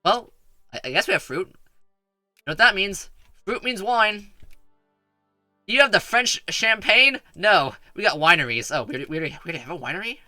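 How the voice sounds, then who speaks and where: A man with a high, strikingly bright and tense voice rambles through casual gameplay commentary, stumbling and repeating words as he talks to his viewers. The sound is dry and close, with faint music underneath. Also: animated, quick pace, no room sound. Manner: rambling, stuttering, chatty with viewers. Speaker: streamer.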